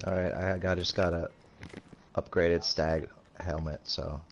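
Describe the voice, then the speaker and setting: Man, very low voice, mumbly gamer, dull lo-fi mic. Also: little pitch movement, unhurried, vocal fry, slight background noise. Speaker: gamer on voice chat. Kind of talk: casual gaming chat.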